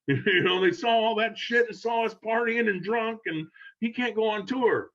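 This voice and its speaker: A man's voice: high-pitched, fairly quick. Rambling older man telling a story. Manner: rambling, animated, laughing, acts out quotes in raised voice. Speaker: guest storyteller. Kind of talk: casual storytelling. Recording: dull lo-fi sound.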